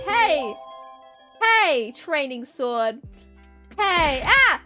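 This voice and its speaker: Young woman artist-streamer, high-pitched and giggly, playful melodramatic chatter. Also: sing-song, takes it slowly, bright, forceful tone, soft background music. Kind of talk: casual stream chat while drawing.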